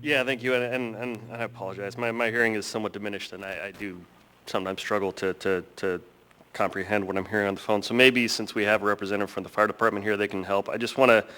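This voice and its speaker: A man's voice: on the low side, little pitch movement, fast talker, bright, forceful tone. Hesitant man in a reverberant chamber. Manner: hesitant, repeating words. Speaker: assembly member. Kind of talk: formal public meeting questions. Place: assembly chamber.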